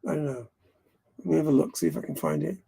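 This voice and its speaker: Gravelly, mellow-voiced man chatting live. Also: fairly high pitch, quick pace. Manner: rambling, self-correcting, laughs often. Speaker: livestream host. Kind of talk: casual live-stream chat.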